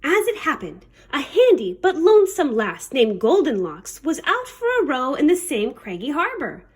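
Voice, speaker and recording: A woman's voice: high voice, huge pitch swings, normal speed. A woman librarian reading a children's picture book aloud, with playful pirate talk. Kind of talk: storybook read-aloud.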